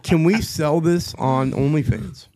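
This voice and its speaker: A man's voice: fairly high pitch, unhurried, crowd noise. A middle-aged man hosting a podcast, drunk, telling crude stories and joking in casual chat. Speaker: podcast host.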